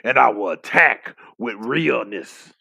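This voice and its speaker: A man's voice: animated, vocal fry, sharp tone, husky, no echo, clean studio sound, exaggerated voice. A man doing a swaggering boxing champ. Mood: boastful. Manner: slow, low, self-proclaiming drawl. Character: boastful swaggering heavyweight champ impression, man.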